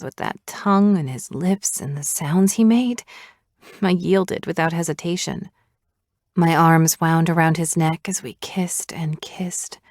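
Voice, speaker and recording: Low-voiced woman narrating a romance audiobook. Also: darkish tone, dry recording, studio quality.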